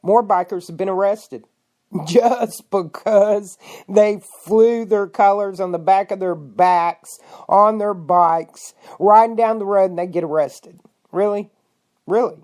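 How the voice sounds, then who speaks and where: A woman hosting a radio podcast, delivering an angry political rant with rhetorical questions and cussing, swinging between loud outbursts and low muttering. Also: slow pace. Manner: fiery, indignant, swings between shouting and muttering. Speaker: podcast host.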